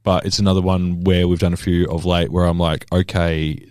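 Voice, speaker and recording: A man's voice: deep voice, flat delivery, moderate pace, a little mellow, smooth, no room sound, studio quality. A man co-hosting a movie podcast, laid-back and blunt, agreeing with short replies. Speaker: podcast co-host. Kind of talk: casual chat.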